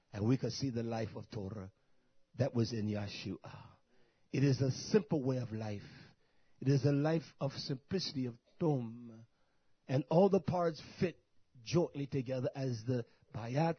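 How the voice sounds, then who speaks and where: A man preaching a sermon in an emphatic style, repeating his phrases and moving between quiet talk and loud outbursts. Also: mid-range voice, slightly rough, no echo, lo-fi sound.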